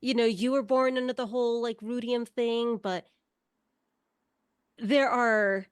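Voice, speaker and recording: A woman plays a tabletop game, describing her character thoughtfully. She speaks slowly. The sound is dry and close. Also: a little high, fairly even intonation, smooth, dry recording. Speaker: player.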